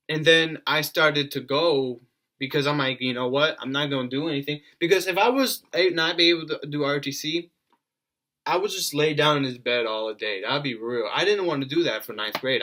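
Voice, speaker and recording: A teenage boy vlogging, telling a personal storytime in an earnest, rambling way with halting restarts. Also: mid-range voice, bright, forceful tone. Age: teens. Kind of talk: casual storytime vlog.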